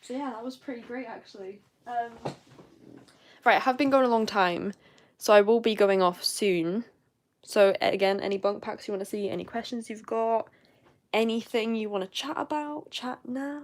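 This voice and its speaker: A woman's voice: on the high side, normal speed. Chatty young woman, posh southern English. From southern England. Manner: chatty, rambling. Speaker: live-stream host. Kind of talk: casual live-stream chat.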